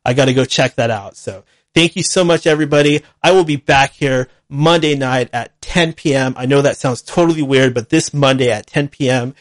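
A man's voice: medium pitch, normal speed, no room sound. A man hosting a call-in talk show alone, speaking bluntly and at length, repeating himself as he rants. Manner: blunt, ranting, repetitive. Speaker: radio show host. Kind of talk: solo call-in show monologue.

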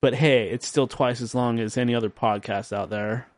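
Tired and half-asleep, a man hosts his late-night podcast with a rambling, joking monologue that mostly mocks himself. He speaks at a normal speed in a mid-range voice with fairly even intonation, and there's no echo.

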